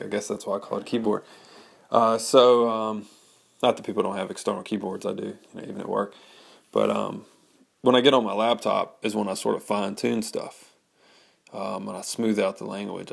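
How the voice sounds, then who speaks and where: A man's voice: fairly low pitch, vocal fry. A man in his thirties talking casually to his audience, rambling with many fillers and restarts. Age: 30s. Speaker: blogger. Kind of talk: casual personal monologue.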